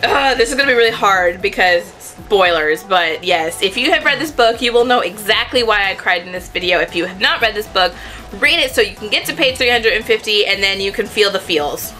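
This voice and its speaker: Young female vlogger, casual and rambling, bright tone, light music bed underneath. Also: mid-range voice, animated, fairly quick. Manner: chatty, rambling, self-correcting. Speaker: book vlogger. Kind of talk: casual chat to camera.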